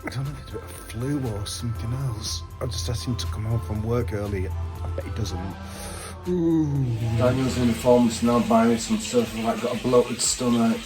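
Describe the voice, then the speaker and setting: A man's voice: medium pitch, unhurried, low-quality recording. A middle-aged man vlogging casually while unwell and weak, chatty and sorry for himself. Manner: chatty, self-pitying. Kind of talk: casual vlog chat. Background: background music.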